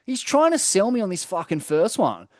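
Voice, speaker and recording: A young Australian man chats loosely on a podcast, peppering his stories with swearing and filler words. His voice sits a little high, and it is recorded close and dry with no room sound. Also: sing-song, moderate pace, darkish tone, dry recording. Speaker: podcast co-host. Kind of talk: casual chat.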